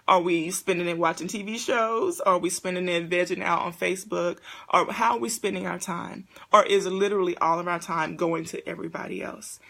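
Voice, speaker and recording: Gravelly, bright-voiced single mom on a live chat. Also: female voice, lowish voice, brisk, hardly any pauses. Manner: animated, preachy, talks straight to viewers with "listen, y'all". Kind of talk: casual live-stream chat.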